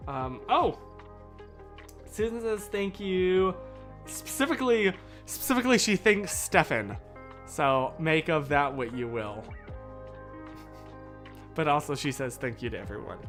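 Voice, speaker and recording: Animated rambling male streamer. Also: a little high, a little slow, pauses often, faint music behind. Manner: rambling, animated, self-interrupting. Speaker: livestreamer. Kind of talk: casual livestream chat. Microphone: boom mic out of shot.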